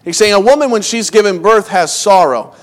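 Pastor, male, higher voice, relaxed storytelling sermon, self-deprecating, restarts lines, reads scripture in old-fashioned wording. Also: a little fast. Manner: storytelling, restarts phrases, self-mocking asides. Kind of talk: conversational sermon.

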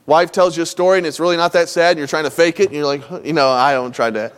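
A man preaching a sermon in a folksy, conversational way, moving between loud emphatic lines and soft low asides. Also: steady tone, fast talker, smooth. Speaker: pastor.

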